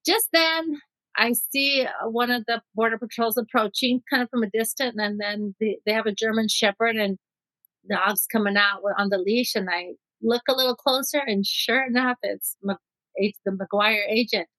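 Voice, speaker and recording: Middle-aged woman from Mexico, interview guest, lively first-person storyteller, slightly high voice, dry close sound. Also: normal speed, no echo, low-quality recording. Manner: vivid storyteller who acts out quotes.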